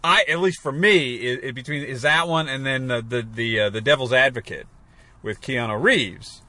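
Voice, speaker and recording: A man's voice: mid-range voice, moderate pace, bright, forceful tone, no echo. A man in casual chat, rambling about old movies and acting out lines.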